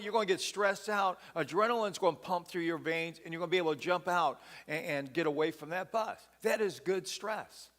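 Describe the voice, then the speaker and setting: A man's voice: high voice, a bit bright, big-room sound. A man preaching a sermon as pastor, folksy and conversational, often dropping "man" into his sentences. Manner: folksy, peppers speech with "man". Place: church sanctuary.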